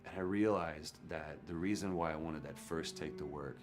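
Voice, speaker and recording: A middle-aged actor recounting a story in a documentary interview, candid and animated, acting out quotes. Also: male voice, a bass voice, moderate pace. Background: documentary music.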